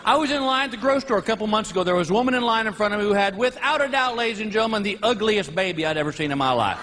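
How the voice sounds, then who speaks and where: A middle-aged man doing a stand-up comedy set, telling stories with loud whooping outbursts. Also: sits high, very fast. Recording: live show with audience noise.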